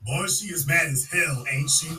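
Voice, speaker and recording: A man's voice: fairly high pitch, moderate pace, sharp tone, slight background noise. A man hosting a call-in show, mocking and insulting a caller and talking over her. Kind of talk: combative call-in talk. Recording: voice distant from the mic.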